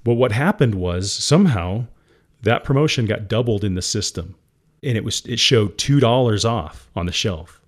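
A man's voice: lowish voice, lively intonation, moderate pace. A middle-aged man as an interview guest, telling a personal story candidly, emotional at times and laughing often. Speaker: entrepreneur guest.

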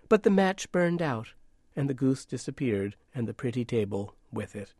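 A man narrating a storybook in a measured, hushed, gentle way. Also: medium pitch, big pitch swings, dry recording, studio quality.

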